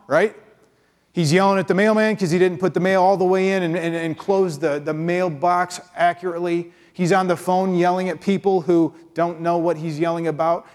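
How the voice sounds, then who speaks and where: A man preaching a conversational sermon, acting out quick impressions of how people picture God. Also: darkish tone. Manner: conversational, acts out quick impressions with pitch jumps.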